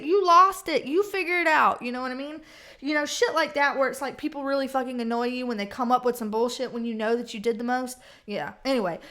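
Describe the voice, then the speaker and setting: A woman's voice: high-pitched, fairly bright tone. A woman giving a casual tarot reading, blunt and chatty, swearing freely and acting out the people she quotes. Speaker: tarot reader.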